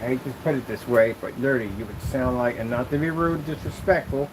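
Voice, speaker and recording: A man's voice: mid-range voice, fast talker, background noise. A man hosting a casual product demo vlog, rambling loosely with asides as he shows projection screens. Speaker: channel host demonstrating projection screens.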